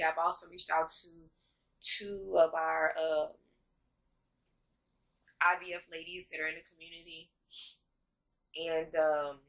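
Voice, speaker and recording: Low, slow-talking woman vlogger, heartfelt. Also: pushed and bright, poor audio. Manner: heartfelt, halting, many fillers. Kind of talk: casual confessional vlog. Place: home, on a couch.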